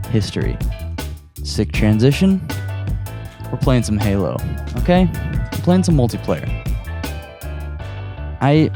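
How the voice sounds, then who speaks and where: A man hosting his own podcast, chatting casually and laughing at himself, a bit out of breath, recorded in his room at home. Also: mid-range voice. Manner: chatty and self-deprecating, laughing often. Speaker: podcast host. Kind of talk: casual solo podcast while gaming.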